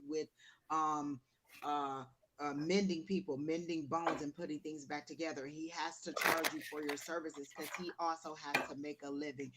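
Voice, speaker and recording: A woman reading tarot on a livestream, explaining her points in a conversational way with everyday examples. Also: low voice. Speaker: tarot reader, co-host. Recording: noisy livestream audio.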